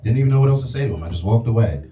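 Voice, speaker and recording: A man from Brooklyn doing a stand-up storytelling set in a comedy club, deadpan and deliberate. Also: medium pitch. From Brooklyn, New York. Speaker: stand-up comic. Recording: roomy club sound from a distance, noisy.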